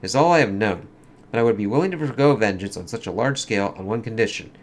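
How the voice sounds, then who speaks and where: A man's voice: on the low side, animated, fast, close to an everyday voice. A man voicing a grandiose, mocking male villain from a comic, read with lofty theatrical phrasing.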